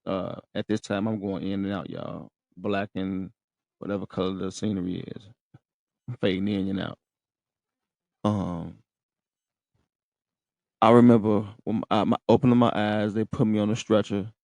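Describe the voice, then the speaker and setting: A man's voice: fairly low pitch, fairly even intonation, normal speed, gravelly, long pauses, a little mellow, no echo. A man hosting a podcast, telling listeners a story in slangy, profane casual talk and often checking in with them. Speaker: podcast host. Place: room in a rehab center.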